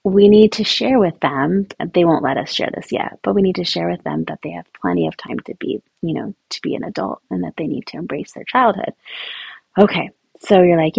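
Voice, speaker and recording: Woman, low gravelly voice, husky, chatty advice talk, dry close sound. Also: moderate pace, no room sound. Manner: chatty, animated, acts out quotes with laughs. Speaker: podcast host speaking to mothers.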